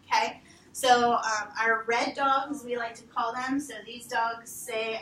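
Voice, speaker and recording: A woman teaching a room of volunteers, her voice bright and a touch high. She talks with lots of energy and slips into acting out what the animals are saying. She sits at a distance from the mic, with a roomy echo and faint background hum. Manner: animated, acts out dogs' thoughts in quotes. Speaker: veterinary behavior instructor. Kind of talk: training talk to volunteers. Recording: roomy, from far off, faint ambience.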